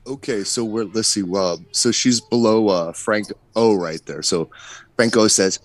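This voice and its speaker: A man's voice: fairly low pitch, unhurried, no room sound. A man co-hosting a casual livestream, talking loosely with many fillers. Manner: laid-back, filler-heavy talk. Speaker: co-host.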